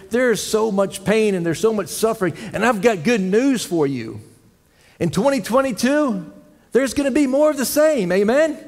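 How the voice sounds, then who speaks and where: A man preaching a folksy sermon to his church, telling jokes and asking the congregation questions. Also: high voice. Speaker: head elder preaching. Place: church sanctuary. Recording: long church hall reverb.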